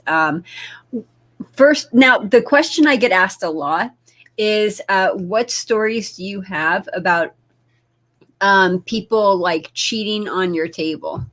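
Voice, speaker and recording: A woman hosting a live stream chat, upbeat and quick to laugh. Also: lowish voice, a bit bright. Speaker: host.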